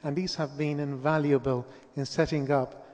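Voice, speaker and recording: A man giving a formal presentation at a conference, speaking in a measured way with occasional restarts. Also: fairly high pitch, little pitch movement, darkish tone. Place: large conference hall. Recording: echoey hall, long reverb.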